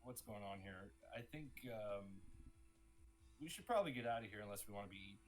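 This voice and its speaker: A man playing a tabletop game, speaking softly and trailing off into rushed asides. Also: lowish voice, animated. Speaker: player. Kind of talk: casual tabletop game play.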